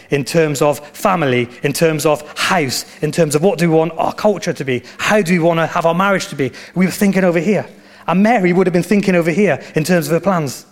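Animated man preaching with repeated emphasis. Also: on the high side. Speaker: pastor. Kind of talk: sermon.

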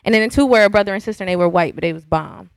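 A woman talks on a casual panel in a rambling, teasing way. Her voice sits at a middle pitch and sounds dry and close. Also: very fast, no room sound. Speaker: panel guest.

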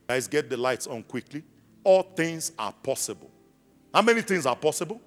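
Speaking at a moderate pace in a mid-range voice, a very animated South African man preaches to his church, throwing questions to the congregation so they'll respond. As their pastor, he fills a large church hall, captured with long reverb and faint music.

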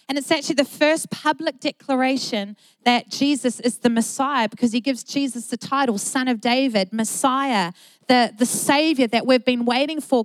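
A woman's voice: high-pitched, fairly even intonation, moderate pace, no room sound, rough recording. A middle-aged woman pastor, preaching a sermon in an earnest, emphatic way with repeated phrases.

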